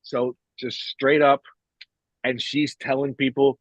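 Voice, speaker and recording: A man's voice: mid-range voice, little pitch movement, slow pace, husky, dry recording. A man in casual podcast chat, ranting in a profane, exclamatory way. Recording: dull, slightly lo-fi recording.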